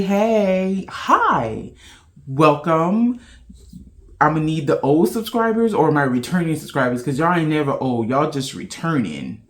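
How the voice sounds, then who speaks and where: A woman hosting a podcast in casual chat to camera, playful and loose, with slangy talk. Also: sits low. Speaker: podcast host.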